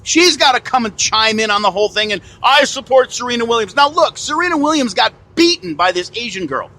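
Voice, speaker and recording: A man's voice: extremely high pitch, lively intonation, fairly quick, bright, forceful tone. A man hosting a podcast, ranting bluntly and indignantly, swearing and repeating himself. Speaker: podcast host. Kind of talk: ranting opinion monologue. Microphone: phone.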